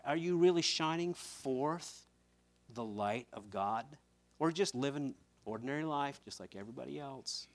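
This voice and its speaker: Guy preaching a sermon, goes quiet then loud and fired up, repeats words when he pushes a point. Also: mid-range voice. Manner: swings between hushed and loud emphatic preaching.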